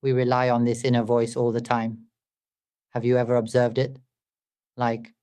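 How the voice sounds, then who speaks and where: A man giving a meditative spiritual talk as a teacher, calm and measured, asking many rhetorical questions. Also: medium pitch, clear, resonant tone.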